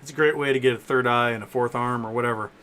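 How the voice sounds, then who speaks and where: A man's voice: mid-range voice, steady tone, fast, slight background noise. Rambling man hosting a casual livestream. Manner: rambling, with filler sounds and self-corrections; softens his voice to talk to his dogs. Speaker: livestream host answering viewer questions. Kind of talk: casual live-stream chat.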